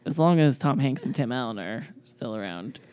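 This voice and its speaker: A man's voice: medium pitch, lively intonation, moderate pace, a little mellow. A man in casual conversation, adding dry, matter-of-fact remarks as a co-host. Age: adult parent. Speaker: podcast co-host. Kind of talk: casual chat.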